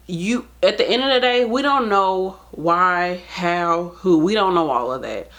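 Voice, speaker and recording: Earnest woman with a lowish voice. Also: lively intonation, a little slow, few pauses, fairly bright tone. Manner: earnest, pleading, casual everyday speech. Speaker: nurse. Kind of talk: heartfelt direct-to-camera talk.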